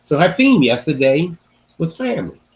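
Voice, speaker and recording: A man hosting a casual sports-talk podcast, his voice sitting a bit high for a man. He talks in an animated way and hammers his points home by repeating phrases. The audio is dull and lo-fi. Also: moderate pace. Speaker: podcast host.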